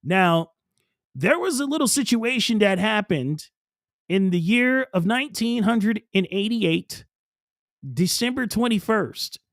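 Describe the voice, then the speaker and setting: A man's voice: sits high, expressive, a little slow, fairly bright tone, no echo, clean studio sound. A man hosting a live radio show, talking in a loose, offhand, repetitive way. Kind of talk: casual live radio talk.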